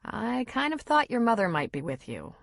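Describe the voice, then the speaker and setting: A woman's voice: a little high, wildly swooping pitch, moderate pace, gravelly, no echo, studio quality, voice pushed up, full character voice. Woman voicing a hesitant middle-aged grandmother. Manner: hesitant, wary.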